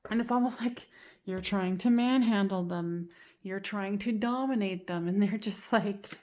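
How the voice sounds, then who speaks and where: A woman's voice: mid-range voice, measured pace, darkish tone. Chatty woman giving a tarot reading. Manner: chatty, reassuring, leans on "you know" and "like". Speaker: tarot reader. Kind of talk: casual tarot card reading to camera.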